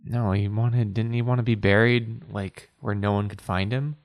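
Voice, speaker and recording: A man's voice: fairly low pitch, steady tone, moderate pace, no room sound. A man playing a tabletop role-playing game, talking in a loose, jokey, rambling way and often trailing off mid-sentence. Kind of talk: casual tabletop role-play chat.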